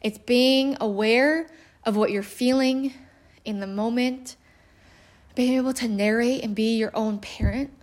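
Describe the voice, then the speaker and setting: A woman's voice: on the high side, fairly even intonation, a little slow, a little mellow. A woman hosting a solo podcast, talking in an earnest, conversational way about parenting and laughing now and then. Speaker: podcast host.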